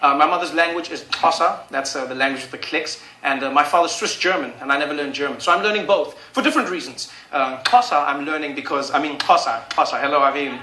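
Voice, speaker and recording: A young South African man doing stand-up on a late-night show, animated and slipping into character voices. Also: fast, hardly any pauses. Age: 20s. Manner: animated, jumps into high-pitched character voices for quoted people. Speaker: stand-up comedian. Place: television studio stage. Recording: echoey studio with audience noise.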